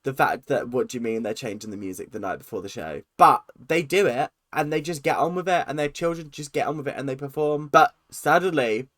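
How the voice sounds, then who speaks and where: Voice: mid-range voice, a little fast, hardly any pauses, fairly bright tone, no room sound. A British YouTube host ranting casually and sarcastically while reacting to a TV show. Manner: blunt, ranting, sarcastic, swears.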